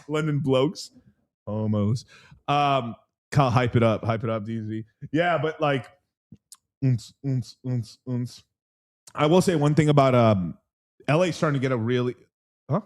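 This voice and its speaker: A young man hosting a crypto livestream in a casual, rambling chat, swearing constantly and getting excitable as he talks. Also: mid-range voice, moderate pace. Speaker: crypto stream host.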